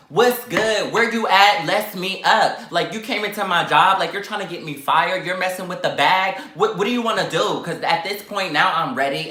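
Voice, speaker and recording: A young man tells a dramatic story with plenty of sass, slipping into the voices of the people in it. His tone is bright and forceful, and the room around him rings with echo. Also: fairly high pitch. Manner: dramatic, sassy, acts out quotes. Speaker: vlogger. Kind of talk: storytime while eating.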